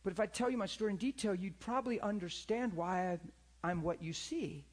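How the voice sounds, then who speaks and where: High-voiced impassioned male preacher. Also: brisk. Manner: impassioned preaching, swinging from loud calls to hushed near-whispers. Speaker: pastor. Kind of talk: sermon.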